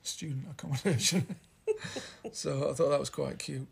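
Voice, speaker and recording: A man's voice: medium pitch, steady tone, normal speed, vocal fry, breathy edge. A man hosting a casual album chat, rambling and hesitant as he reads out lyrics. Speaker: podcast host reviewing an album.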